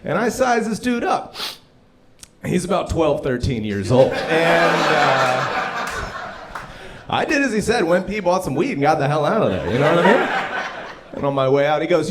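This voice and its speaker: A man in his thirties doing a live stand-up set at a comedy club, telling stories and acting out people in loud, high voices. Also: normal speed, over a noisy crowd. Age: 30s. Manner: animated storytelling, acts out characters in loud high voices. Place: comedy club stage before a laughing audience.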